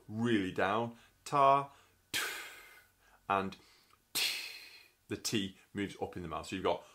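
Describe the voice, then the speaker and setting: A man with a fairly low voice takes listeners through a brass lesson step by step. He explains each point methodically and sounds out the syllables as he goes. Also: a bit bright. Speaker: brass teacher. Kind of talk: instructional tutorial.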